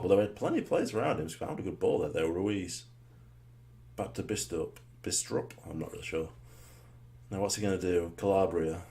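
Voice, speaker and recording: A man giving live commentary on his own football game, muttering rhetorical asides and breaking into sudden excited shouts. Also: deep voice.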